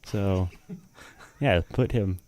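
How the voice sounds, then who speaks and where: Low-voiced young man, blunt and excitable. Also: extremely slow. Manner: enthusiastic, blunt and profane. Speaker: podcast co-host. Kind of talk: casual sports chat.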